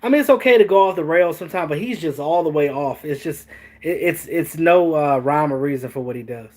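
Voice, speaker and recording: A man hosting a casual sports talk stream, animated, joking and swearing as he reacts to chat. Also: a little high, brisk. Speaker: host.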